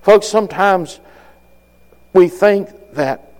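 Fervent preacher man, high voice. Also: slow pace. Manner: fervent, swelling louder and higher on key phrases, folksy talk. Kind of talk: sermon. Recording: long hall reverb.

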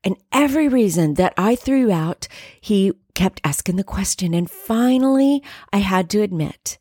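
An earnest middle-aged woman hosts a faith podcast, telling her own story in a close, personal way. Her voice sits at an ordinary pitch and sounds dry and close to the mic, with no room around it. Now and then she drops into a soft whisper. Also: lively intonation, moderate pace, slightly rough, no room sound. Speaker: podcast host.

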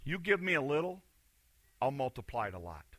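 A man's voice: mid-range voice, very animated, brisk, a bit bright, no room sound. A man preaching a sermon in a conversational, emphatic way, repeating key phrases. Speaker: pastor.

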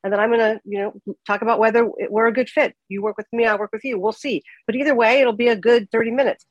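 A woman co-hosting a podcast, chatting in a folksy way and telling quick stories. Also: on the high side, fairly even intonation, no echo, muffled recording. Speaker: podcast co-host. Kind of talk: casual chat.

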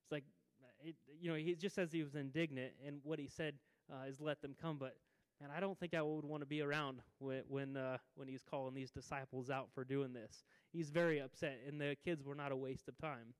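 A man's voice: on the high side, fairly even intonation, fairly quick, smooth. Conversational male pastor in a reverberant church. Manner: conversational, self-deprecating, frequent restarts. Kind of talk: sermon. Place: church sanctuary.

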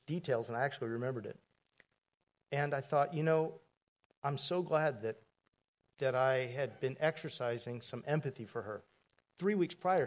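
A man preaching a sermon as pastor, telling stories in a conversational way with asides to the congregation. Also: medium pitch.

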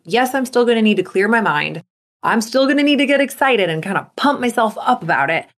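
A woman hosting a motivation podcast as a coach. She talks in an upbeat way and acts out inner thoughts in a lively voice. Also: fairly high pitch, moderate pace.

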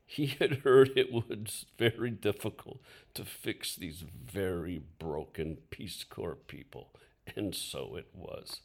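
A man's voice: low-pitched, slow pace. An older man hosting a podcast, telling stories in a casual way and often laughing as he talks. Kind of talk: casual storytelling.

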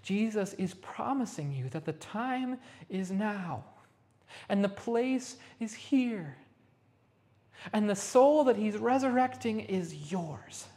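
A woman pastor delivering a Sunday sermon in a rehearsal hall, repeating phrases and slowing down to stress key lines. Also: medium pitch, animated, warm tone. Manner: emphatic repetition, slowing for stress.

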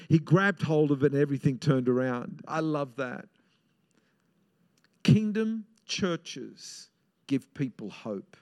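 A man preaching a sermon, emphatic and repetitive, swinging between loud and hushed delivery. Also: a little high.

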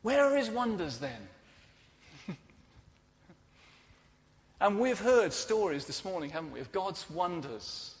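A man preaching a sermon, telling the story earnestly and often dropping soft and quiet. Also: on the high side, big-room sound.

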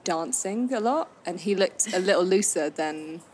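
A woman from London chats frankly and tells stories, breaking into laughter often. Her voice sits on the low side. A faint noise runs under the recording. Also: lively intonation, moderate pace, darkish tone. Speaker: podcast co-host. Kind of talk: casual chat, storytelling.

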